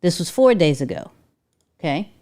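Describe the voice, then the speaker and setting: A woman's voice: fairly low pitch, big pitch swings, moderate pace, a little mellow. A woman hosting a casual livestream, chatting to viewers, reading out their comments and tagging sentences with "right?". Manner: reads chat aloud, repeats herself, many "right?" tags. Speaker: livestream host. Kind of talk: casual interactive livestream chat.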